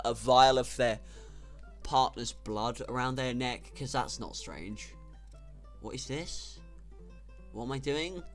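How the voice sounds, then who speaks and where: Sarcastic young man commenting on gameplay. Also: medium pitch. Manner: sarcastic, jokey, swears a lot, sudden loud outbursts. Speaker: gaming YouTuber.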